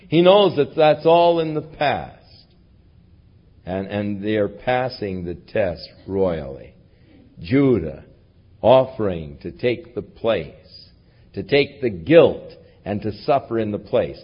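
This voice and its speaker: A man's voice: lowish voice, breathy edge. Guy preaching from the bible, reads verses then riffs on them casually, kinda muffled old-tape sound. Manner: reads scripture then paraphrases it in casual, animated asides. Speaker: pastor. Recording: dull lo-fi recording.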